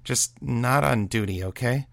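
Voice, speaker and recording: A man reading the part of a blunt, no-nonsense female homicide detective, brisk and exasperated. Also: mid-range voice, creaky, a bit bright, no room sound, pitched above the performer's own voice. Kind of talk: audiobook reading of a serial story.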